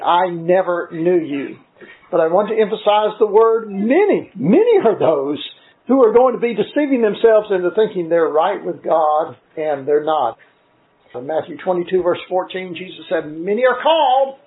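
Guy preaching a sermon, high voice, slow and earnest, sounds like a phone recording. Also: phone-quality sound. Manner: measured, earnest teaching with frequent scripture citations.

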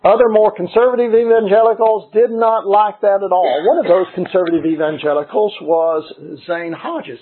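A man preaching a sermon, reading scripture and quotes, slowing down and stressing key words. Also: high voice, slight background noise. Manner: emphatic, deliberate, slows on key words. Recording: tinny phone-like sound.

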